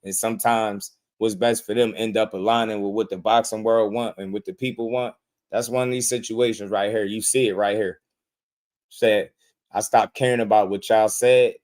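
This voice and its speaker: A man hosting a boxing channel, ranting in casual commentary, repeating himself and calling listeners bro. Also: on the low side. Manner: animated, repetitive, slangy, calls listeners bro.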